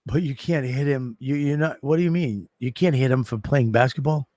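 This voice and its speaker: A middle-aged man co-hosting a podcast, telling animated, profane stories in casual chat. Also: mid-range voice, a little fast, dry recording, clean studio sound. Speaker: podcast co-host.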